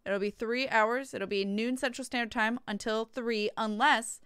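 A woman game streamer, bubbly and chatty, wrapping up her stream with quick thank-yous. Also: a little high, steady tone, a bit bright, clean tone, dry recording, clean studio sound. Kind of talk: let's play commentary and stream outro.

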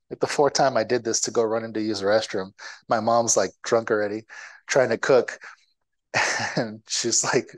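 A man's voice: medium pitch, normal speed, low-quality recording. A man in his thirties giving a guest lecture, telling a personal story in a self-mocking way, acting out the people in it and laughing along. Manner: animated, acts out the people in his stories.

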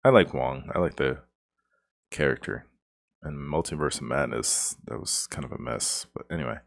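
Male reviewer, 30s, very deep voice; casual, rambling, exasperated delivery with frequent laughs. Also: moderate pace, creaky. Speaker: show reviewer.

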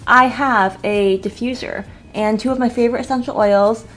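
Faint music plays behind a young lifestyle vlogger as she sits on her bed, chatting brightly to camera about each item in turn. Her voice is fairly high and bright, with a steady tone at normal speed.

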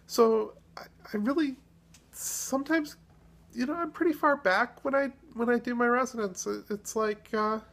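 A woman chatting casually in a vlog, relaxed and self-deprecating, pausing often as she thinks. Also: fairly high pitch. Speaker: video blogger.

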